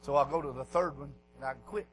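A man preaching a folksy revival sermon in a church, dropping to quiet asides and rising to shouts. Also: quick pace, slight background noise, low-quality recording. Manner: folksy, swings from low murmurs to hoarse shouting.

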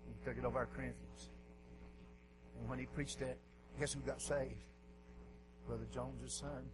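A man preaching a folksy revival sermon in a church, dropping to quiet asides and rising to shouts. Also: background noise. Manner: folksy, swings from low murmurs to hoarse shouting.

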